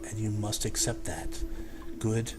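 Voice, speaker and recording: A serene goddess, voiced by a man, speaks in a low, hushed, unhurried tone, measured and prophetic. Her words are improvised at a tabletop game. Music plays clearly behind her. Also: steady tone, lightly acted. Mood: solemn. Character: serene, solemn goddess woman bestowing blessings. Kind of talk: improvised tabletop role-play. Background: background music.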